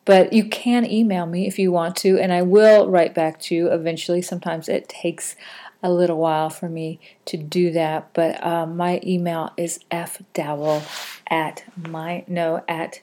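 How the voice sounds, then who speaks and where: A woman's voice: on the low side, flat delivery, measured pace, warm tone. A woman hosting a casual podcast, chatting and reading out listener comments with frequent fillers and self-corrections. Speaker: podcast host.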